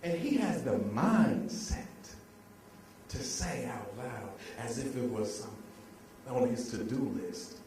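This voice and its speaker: A man's voice: medium pitch, lively intonation, takes it slowly, darkish tone. A young man giving a live motivational talk, telling stories and leading call-and-response with a crowd. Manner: call-and-response, laughing, storytelling. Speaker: motivational speaker. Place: large hall with live audience. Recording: echoey room, distant mic, faint noise.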